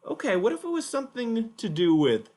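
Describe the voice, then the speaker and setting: A man's voice: extremely high pitch, wildly swooping pitch, brisk, warm tone. A man teaching a word to children with a puppet, patient and encouraging. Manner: patient, encouraging, clearly spoken. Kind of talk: speech lesson for children.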